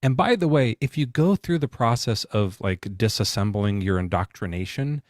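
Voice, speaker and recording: Low-voiced man, dry close mic. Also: normal speed, no room sound. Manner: animated, acts out quoted voices. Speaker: podcast host. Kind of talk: casual live-stream chat.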